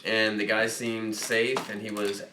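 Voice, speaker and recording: A man hosting a casual livestream, reading viewer questions aloud and thinking out loud in a rambling, jokey way. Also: fairly low pitch, level tone, a little slow, reverberant, background noise. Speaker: host of a motorcycle dealership livestream.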